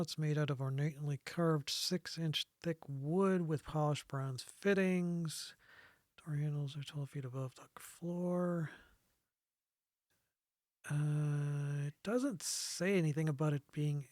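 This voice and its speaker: GM, man, fairly high voice, dry close sound, muses aloud while describing scenes. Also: darkish tone, no room sound. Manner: thinking aloud with pauses and restarts. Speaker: game master. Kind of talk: describing scenes in a tabletop game.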